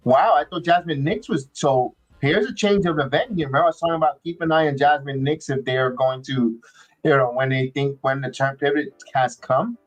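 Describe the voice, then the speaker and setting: A male podcast host runs a live watch-along, chatting casually and rambling with halting speech, lots of fillers, and frequent restarts. His voice is mid-range, the sound is lo-fi, and faint music plays in the background.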